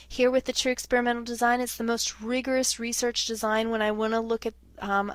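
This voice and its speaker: A woman's voice: on the high side, fairly bright tone, no room sound. A woman giving a recorded lecture, explaining things step by step. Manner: explanatory, walks students through questions step by step.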